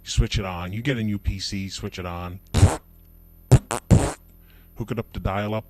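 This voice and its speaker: A man's voice: lowish voice, steady tone, normal speed, slight background noise. A man hosting a puppet show, rambling through a comic monologue with hesitant fillers. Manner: rambling, chatty, with hesitant fillers and put-on voices.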